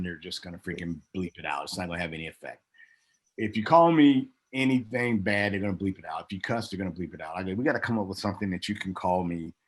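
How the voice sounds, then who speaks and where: A middle-aged former wrestler, a man, telling stories in a casual interview, acting out other people's lines with big jumps in his voice. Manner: animated storyteller, acts out quotes with big pitch jumps. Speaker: guest, former pro wrestler.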